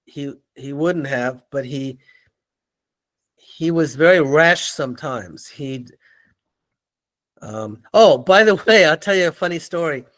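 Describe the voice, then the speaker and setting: An older man, a guest in an interview, telling animated stories and acting out the people in them. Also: fairly high pitch, slow, long pauses. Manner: animated storyteller, acts out quoted voices. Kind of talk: storytelling in an interview.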